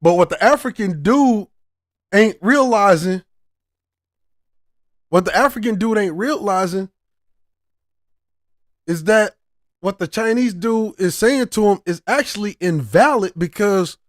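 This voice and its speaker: A man's voice: high-pitched, expressive, unhurried, pauses often, dry recording, clean studio sound. A man giving casual reaction commentary as a channel host, heated and profane, often restarting his sentences.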